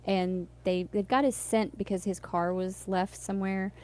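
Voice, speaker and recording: A woman's voice: mid-range voice, steady tone, moderate pace, darkish tone. A woman co-hosting a podcast, casually recounting a crime case between frequent laughs. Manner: chatty, laughs often, loses her thread. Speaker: podcast co-host. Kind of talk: casual chat, telling a crime story.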